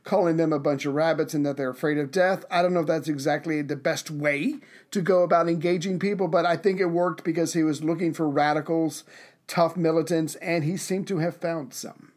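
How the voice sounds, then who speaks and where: A man co-hosting a history podcast in a slightly high voice. He comments frankly and wryly in an easy, chatty way. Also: steady tone, a little fast, a little mellow. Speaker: podcast co-host. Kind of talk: casual history chat.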